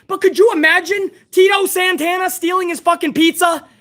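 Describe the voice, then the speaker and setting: A woman's voice: very high-pitched, steady tone, fairly quick, a bit bright. A woman hosting a live wrestling review stream, ranting bluntly and heatedly with plenty of profanity. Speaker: wrestling show host.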